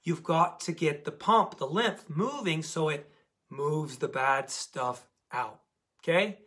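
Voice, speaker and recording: High-voiced animated man coaching. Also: slow. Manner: animated, emphatic, repeats key words. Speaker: diet program coach. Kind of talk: casual motivational talk to camera.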